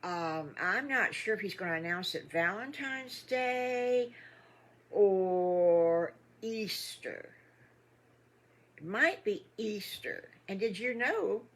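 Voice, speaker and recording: A woman's voice: on the low side, fairly bright tone, breathy edge. An older woman improvising a children's story, folksy and rambling, chatting to the listening families.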